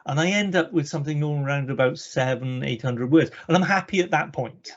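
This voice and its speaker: A man's voice: fairly high pitch, quick pace, highs cut off. A man in casual conversation, explaining his points in an easygoing way, with examples.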